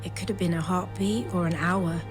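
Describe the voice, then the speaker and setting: A man's voice: high-pitched, steady tone, brisk, soft background music, voice pushed up, lightly acted. A man reading as a young woman explorer. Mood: wondering. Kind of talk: reading game narration aloud.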